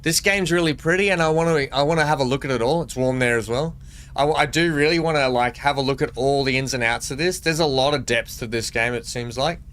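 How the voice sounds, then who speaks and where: A man's voice: mid-range voice, brisk, fairly bright tone. An Australian man streaming a game live, chatting with viewers and reading the on-screen text aloud. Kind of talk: casual live gameplay commentary.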